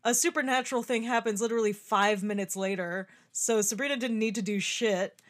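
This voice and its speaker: Young woman, fairly high voice, casual banter, laughs a lot, swears. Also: brisk. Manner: laughing, swears freely, acts out quotes. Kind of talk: casual chat.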